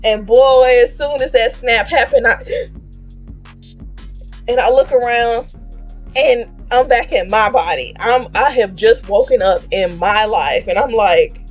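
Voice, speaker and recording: A woman streamer casually telling a dream story, animated and laughing as she acts out the people in it. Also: on the high side, measured pace, soft background music.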